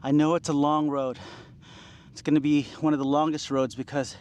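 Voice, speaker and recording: A man's voice: fairly high pitch, level tone, moderate pace, a little mellow, rough recording. A man in his forties, out of breath, talking to the camera during a workout at the beach, poking fun at himself and cheering himself on between sighs and laughs. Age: 40s. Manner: self-deprecating, encouraging himself, sighs and laughs between sets. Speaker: vlogger. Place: outdoors at a beach.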